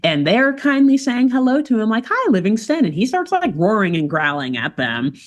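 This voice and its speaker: A woman co-hosting a podcast, retelling a cartoon plot in casual chat, animated and jokey, laughing often. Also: mid-range voice, normal speed. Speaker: podcast co-host recapping a cartoon.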